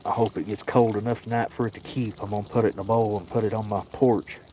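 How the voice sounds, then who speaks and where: Man, low-pitched, folksy livestream host, faint hiss behind. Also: fairly even intonation, quick pace. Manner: talks softly to cats, folksy and easygoing. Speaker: cat sanctuary livestream host. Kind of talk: casual livestream chat. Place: outdoors by a cooking fire.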